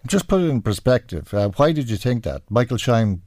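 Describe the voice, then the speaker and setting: A man's voice: medium pitch, sing-song, brisk, a little mellow, no room sound, clean studio sound. A man hosting a radio interview, prompting briefly and recapping the facts. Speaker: radio talk show host.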